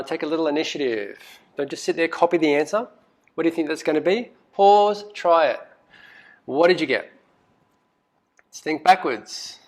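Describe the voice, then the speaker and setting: A male math teacher walking through a recorded lesson, asking lots of questions, coaxing students and muttering asides as he thinks aloud. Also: on the high side. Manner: lively, asks questions and coaxes students.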